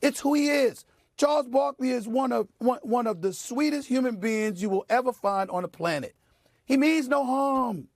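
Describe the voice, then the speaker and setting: A man with a very high, strained voice holds forth on a sports show. He is emphatic, and he trips over and repeats words as he pushes ahead. The sound is dry and close. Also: normal speed, no echo. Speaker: sports commentator. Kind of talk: televised sports talk.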